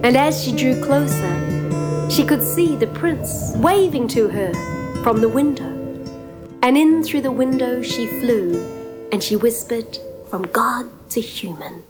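A woman's voice: a little high, rough recording. A woman telling a folk tale aloud, dramatic and rhythmic, dropping into whispers at tense moments, with guitar music behind. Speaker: storyteller. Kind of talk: oral storytelling.

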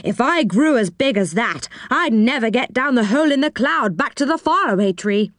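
A woman's voice: on the high side, lively intonation, moderate pace, dry recording, clean studio sound, pitched above the performer's own voice, natural voice. A woman voicing a cheerful, polite round-faced magical man in a storybook reading.

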